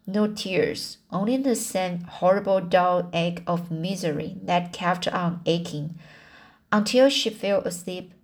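A woman reading a classic novel aloud as audiobook narration, slowly, often restarting words and correcting herself. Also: on the low side. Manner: slow, with frequent restarts and self-corrections. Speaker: audiobook reader.

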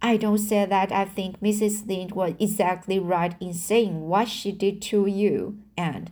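A woman as a strict middle-aged spinster in a storybook, stay dry and stern, slow and measured. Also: medium pitch, warm tone, lightly acted.

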